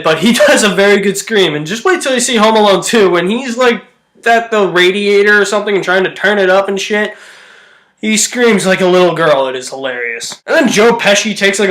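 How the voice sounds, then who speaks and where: A man's voice: sits high, a bit bright. A man giving a casual, joking movie review with lots of fillers. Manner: chatty, joking, full of fillers and quick voice impressions.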